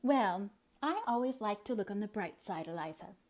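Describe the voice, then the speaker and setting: A woman's voice: mid-range voice, animated, darkish tone, natural voice. Woman doing a timid, hopeful older spinster. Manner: hopeful, hurried, breathless.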